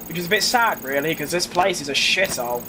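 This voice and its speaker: A young London man chatting through a racing game session in a wry, joking way. His voice sits high and swings widely in pitch. Faint game engine noise hums behind him. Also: lively intonation, fast talker. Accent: London English. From England. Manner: chatty, reads chat aloud, wry and self-mocking. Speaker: gaming streamer. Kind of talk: casual commentary while playing.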